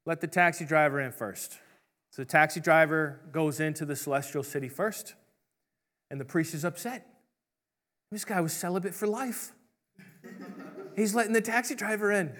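Pastor preaching a casual, jokey sermon. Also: male voice, a little high, normal speed, long pauses, a bit bright. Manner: conversational, jokey storytelling with voiced asides.

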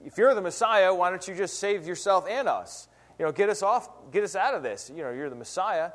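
A man's voice: sits high, expressive, brisk, pitched above the performer's own voice. A man voicing a jeering crucified criminal. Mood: mocking. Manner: sneering, taunting.

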